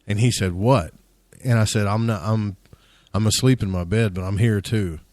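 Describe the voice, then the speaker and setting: A man's voice: fairly low pitch, fairly even intonation, fairly quick, a little mellow, dry recording. A man hosting a radio talk show, chatty and telling his own story, often asking "right?". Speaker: radio host. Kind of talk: casual radio interview.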